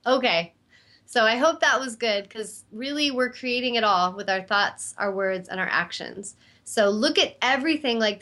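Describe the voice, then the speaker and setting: A woman's voice: fairly high pitch, pushed and bright. A middle-aged woman, host and intuitive healer, giving an earnest, encouraging self-help talk and acting out inner dialogue.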